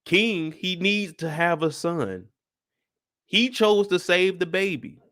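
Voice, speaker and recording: Animated man retelling a show. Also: sits high. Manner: animated storytelling, acts out characters in quick voice switches. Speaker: show recap host. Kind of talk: casual live recap chat.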